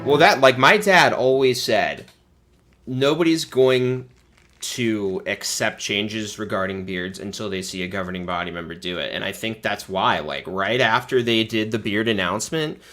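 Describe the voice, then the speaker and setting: A man's voice: on the low side, moderate pace, a bit bright. A man hosting a casual reaction stream, talking loosely, swearing and laughing often. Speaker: livestream host.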